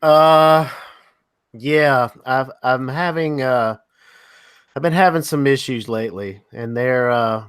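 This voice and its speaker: A man's voice: mid-range voice, slow pace, smooth. A man from North Carolina co-hosting a live drone chat stream, easygoing and hesitant with lots of fillers. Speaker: co-host.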